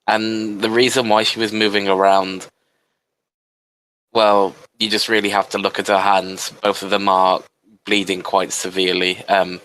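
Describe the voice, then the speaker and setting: A man's voice: lowish voice, level tone, a little slow, fairly bright tone, smooth, low-quality recording. A man running a tabletop game as game master, describing scenes with frequent restarts.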